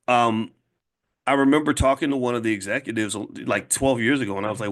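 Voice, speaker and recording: A man in his fifties speaking to a live audience as a finance educator, emphatic and casual, repeating points slowly to drive them home. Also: mid-range voice, fairly even intonation, a bit bright. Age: 50s. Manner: emphatic, slow and repetitive for emphasis; casual, conversational, direct address. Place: room with an audience.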